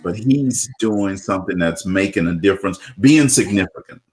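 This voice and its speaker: Animated and moving at a moderate pace, this man hosts a relaxed interview in a deep, low voice. His talk is cheerful and conversational, packed with filler words and restarted sentences.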